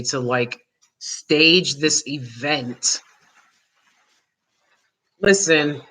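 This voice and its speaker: A woman hosting a vlog, giving casual opinion commentary in a rambling way, full of fillers and quick laughs. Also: sits low, bright, forceful tone. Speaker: vlog host.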